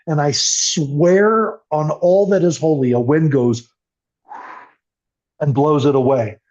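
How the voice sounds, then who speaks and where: Speaking slowly in a high-ish, slightly mellow voice, an older man shares the story of his recovery as an interview guest on a podcast, earnest and full of emotion. The recording is muffled lo-fi.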